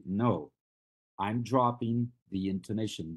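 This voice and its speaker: A Colombian man with a Spanish-speaking accent lectures an English class at an unhurried pace. His voice sits low and a little husky. He repeats his example questions carefully, with many "uh" fillers between them. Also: animated. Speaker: English teacher.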